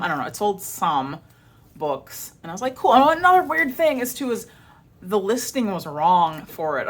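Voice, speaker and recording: Animated chatty young woman vlogger. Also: medium pitch. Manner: chatty and animated, many "like"s, acts out her own reactions. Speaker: vlogger and audiobook narrator. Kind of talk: casual chat to camera.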